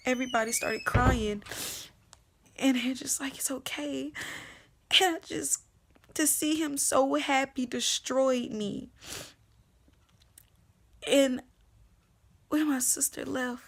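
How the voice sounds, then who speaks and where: A young woman telling her personal faith testimony, swinging between hushed whispers and loud emotional outbursts. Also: sits high, slow, long pauses.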